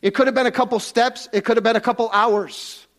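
A man's voice: very high voice, steady tone, brisk, a bit bright. A man preaching a casual, conversational sermon to a congregation in a church, often restarting and repeating words.

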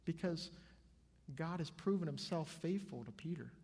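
Male pastor, sermon. Husky, fairly high, earnest, long hall reverb. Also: animated, moderate pace. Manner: earnest, shifts between soft and loud.

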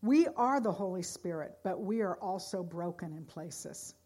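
A woman pastor preaching a sermon, earnest, moving between loud exhortation and hushed storytelling. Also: on the low side, expressive, a little slow, slightly rough.

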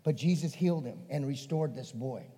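A male pastor preaching a sermon, swinging between emphatic and hushed. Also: mid-range voice, a little fast, long reverb tail.

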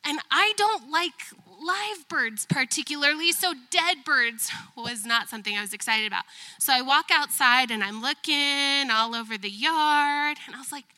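A woman in her thirties telling a lively, self-mocking story as a testimony during a church service, laughing often. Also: sits high, moderate pace. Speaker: church member giving a testimony.

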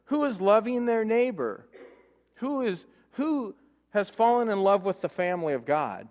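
A man preaching a sermon as pastor, animated, firing off rhetorical questions and mimicking grumbling voices for laughs. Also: sits high, unhurried. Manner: animated, rhetorical questions, mock-complaining voices for comic effect. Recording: long hall reverb.

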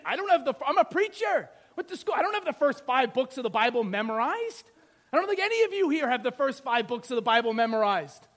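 Very high-voiced animated male preacher. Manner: animated, swings from shouts to hushed asides. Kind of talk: sermon.

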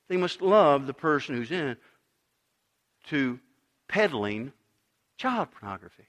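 A middle-aged pastor preaching a sermon, emphatic, dropping to a hush and then rising loud again. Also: male voice, extremely high pitch. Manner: emphatic preaching, swinging between loud and hushed.

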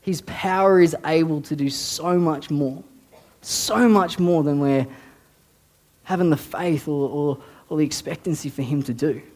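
A man's voice: on the high side, a little slow, a little mellow. A man, a youth pastor giving a conversational sermon, often repeating words as he talks. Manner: conversational, repeats words, acts out quoted voices. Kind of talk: casual sermon.

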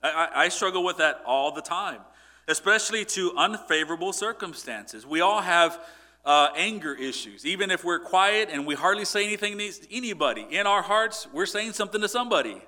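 Man, sermon, conversational storytelling, slightly high pitch, bright tone, frequent restarts. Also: lively intonation, brisk. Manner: conversational, many restarts and repeated words. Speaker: preacher.

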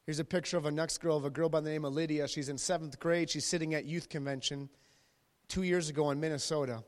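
A man's voice: a little high, fast. Man preaching in a reverberant hall. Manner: lively storytelling, acting out quoted people. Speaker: youth pastor. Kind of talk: preaching sermon with stories. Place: church sanctuary. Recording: long reverb of a large hall.

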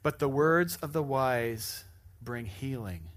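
A pastor preaching a sermon to a congregation, joking and self-deprecating with animated asides. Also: male voice, mid-range voice, takes it slowly. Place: church stage before a congregation. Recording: music playing behind the speaker.

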